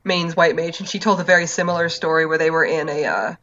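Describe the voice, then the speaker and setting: A woman's voice: deep voice, steady tone, fast, a bit bright. A woman casually chatting on a podcast, telling game stories with lots of fillers and laughs. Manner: rambling storyteller, frequent fillers and laughs. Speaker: podcast co-host. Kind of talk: casual chat about a video game. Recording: dull lo-fi sound.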